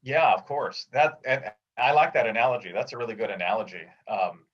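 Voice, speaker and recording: A man, a theology professor, explaining ideas in a lecturing way with clear examples during a conversation. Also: fairly low pitch, expressive, fairly quick, far from the mic, muffled recording.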